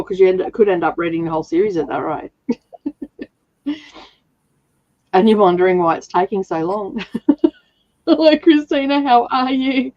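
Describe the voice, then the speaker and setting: A woman's voice: mid-range voice, dry recording. Woman streamer with a sore throat, chatty, laughs a lot, dry dull mic sound. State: sore throat, slightly rough voice. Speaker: livestream reading sprint host. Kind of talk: casual chat.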